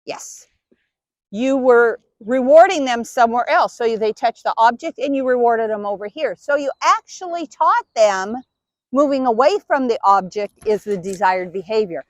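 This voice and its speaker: Higher-voiced woman dog trainer, dry sound. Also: animated, moderate pace, dry recording. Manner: patient, explains step by step while giving dog cues. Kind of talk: instructional demonstration.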